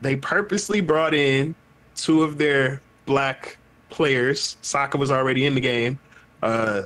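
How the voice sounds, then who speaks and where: A man hosting a podcast in casual chat, animated, profane and emphatic as he talks with friends. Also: mid-range voice, measured pace. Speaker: podcast host.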